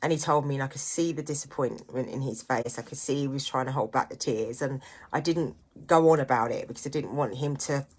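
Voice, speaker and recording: A woman's voice: a bass voice, fairly quick, breathy edge. A middle-aged woman talking candidly to camera in a personal vlog, earnest and reflective, with motivational encouragement. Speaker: vlogger and single parent.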